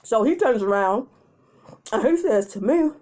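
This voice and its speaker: Animated woman telling a story time. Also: a little high, measured pace. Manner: animated storytelling, acts out quotes in changing voices. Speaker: mukbang vlogger.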